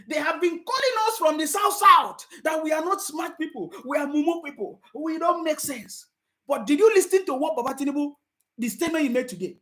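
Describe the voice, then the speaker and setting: A Nigerian woman with a Nigerian accent talks straight to her viewers in a fervent political commentary vlog. Her voice sits high, and she stresses her points by repeating them, sometimes rising to a shout. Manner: emphatic, repetitive, sometimes shouting.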